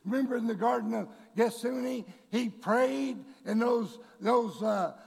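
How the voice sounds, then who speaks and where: A man preaching a sermon to his congregation, bursting into shouted, drawn-out emphasis and calling them folks and church. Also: very high voice, gravelly. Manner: addresses the congregation directly. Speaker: pastor. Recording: long reverb of a large hall.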